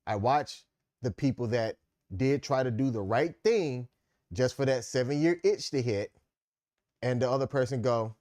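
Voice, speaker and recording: A man co-hosting a podcast who explains his points in a measured way and now and then breaks into playful exclamations. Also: mid-range voice, a little mellow, dry recording, clean studio sound. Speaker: podcast co-host. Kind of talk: casual opinion chat.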